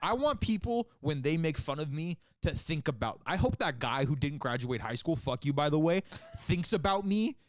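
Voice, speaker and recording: A man's voice: a little high, animated, moderate pace, few pauses, no room sound, studio quality. A man co-hosting a live podcast, telling profane stories with a lot of laughter and acting out the other people's lines. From Hispanic background. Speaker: podcast co-host. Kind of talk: casual chat, storytelling.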